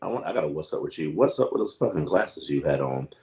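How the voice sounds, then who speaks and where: A man's voice: very deep voice, expressive, fast talker, echoey room. A man co-hosting a casual chat, teasing bluntly and swearing. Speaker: co-host. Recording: loud background noise, off-mic.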